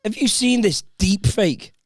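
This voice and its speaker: A man's voice: high-pitched, animated, a little slow. A man, co-hosting a podcast and rambling as he loses his thread. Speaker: podcast co-host. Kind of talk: casual chat.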